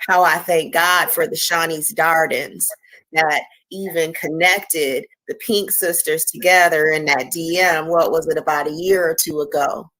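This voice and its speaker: Impassioned woman host, low and dry. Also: steady tone, a little slow, fairly bright tone, dry recording, rough recording. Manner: impassioned, preachy, casual slang. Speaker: show host. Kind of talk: emotional interview chat.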